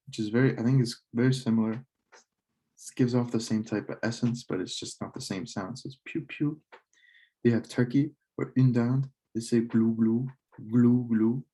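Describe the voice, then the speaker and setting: Low, mellow man teaching. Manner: relaxed, halting, with self-corrections. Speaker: French club teacher. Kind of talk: casual slideshow lesson.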